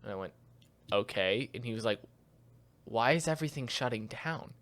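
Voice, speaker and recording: A young man co-hosting a casual podcast, telling stories from his retail job. He acts out the customers and himself in quick back-and-forth. His voice sits at an ordinary middle pitch. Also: expressive, fairly bright tone. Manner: storytelling, acts out both sides of conversations. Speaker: podcast co-host. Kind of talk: casual chat.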